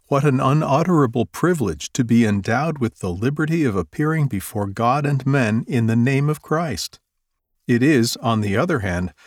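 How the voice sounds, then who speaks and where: Guy reading old-timey devotional text, steady and formal, mid pitch, dry sound. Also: dry recording. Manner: measured, formal reading with scripture citations. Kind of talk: read devotional text aloud.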